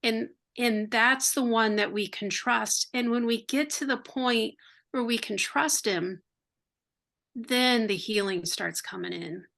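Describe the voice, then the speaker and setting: Bright-voiced older American woman, heartfelt. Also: on the high side, creaky. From United States. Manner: earnest and heartfelt, quick bursts. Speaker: interview guest. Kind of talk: personal faith testimony.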